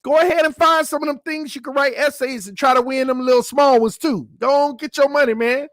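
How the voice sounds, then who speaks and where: A man with a very high-pitched voice hosts a casual live stream, reading viewer comments aloud and laughing and joking as he trips over names. He speaks fairly quickly in a steady, fairly bright tone, and the recording is dry and studio quality.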